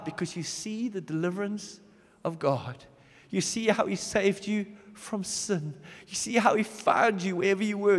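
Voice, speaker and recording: A man preaching a sermon, swinging from loud emphatic bursts to hushed low drops. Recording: long reverb of a big hall.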